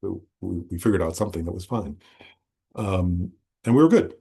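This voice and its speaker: A man teaching a Buddhist class in a relaxed, conversational way, often checking in with his listeners and correcting himself as he goes. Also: deep voice, normal speed, gravelly, husky. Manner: conversational, self-correcting, frequent "right?". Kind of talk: informal dharma talk. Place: meditation center class.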